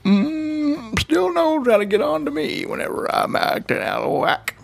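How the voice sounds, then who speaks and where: A man playing a forgetful, hard-of-hearing old grandpa who rambles and shouts. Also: extremely high pitch, expressive, unhurried, vocal fry, pitched above the performer's own voice, full character voice. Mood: doddering.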